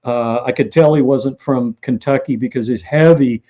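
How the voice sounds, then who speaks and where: A man, an author being interviewed, telling lively stories and acting out what people said. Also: mid-range voice, moderate pace, highs cut off. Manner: animated anecdotal storyteller who acts out quotes. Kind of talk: interview storytelling.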